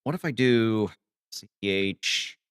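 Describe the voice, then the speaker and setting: A man from Ohio streaming live, rambling casually as he reads chat aloud and answers it with quick laughs. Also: on the low side, smooth, no room sound, clean studio sound.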